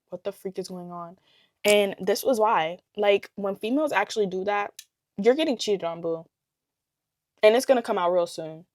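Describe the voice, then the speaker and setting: A woman's voice: medium pitch, a little mellow, no echo. Young woman vlogger, casual storytime, blunt and profane, keeps laughing, mid-range voice, dry close sound.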